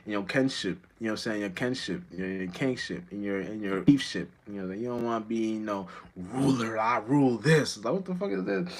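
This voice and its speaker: A man's voice: mid-range voice, darkish tone. Rambling, profane man on a live stream. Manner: rambling, profane, restless, with many restarts. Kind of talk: casual live-stream monologue.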